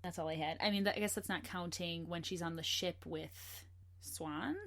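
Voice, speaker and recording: A woman guest on a podcast, chatting casually about a book. Her voice sits fairly low for a woman. She laughs often and breaks into quoted passages. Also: steady tone, moderate pace. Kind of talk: casual chat.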